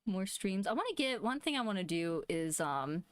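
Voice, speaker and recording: A woman's voice: mid-range voice, big pitch swings, moderate pace, no room sound. A young woman streamer chatting casually on her anniversary stream, rambling with lots of fillers and giggles. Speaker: streamer host. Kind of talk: casual chat.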